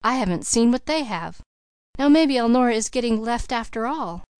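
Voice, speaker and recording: A woman's voice: a little high, lively intonation, normal speed, a little mellow, smooth, no room sound, clean studio sound, voice pushed up, close to an everyday voice. A woman reading the part of an eager, boastful small country boy who chatters in folksy grammar.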